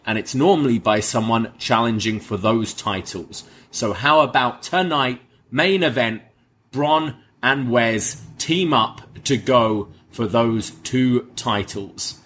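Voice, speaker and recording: A man's voice: medium pitch, unhurried, fairly bright tone. A man, co-hosting a podcast and giving a casual recap of a wrestling show. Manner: recaps the show, acting out quoted lines. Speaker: podcast co-host.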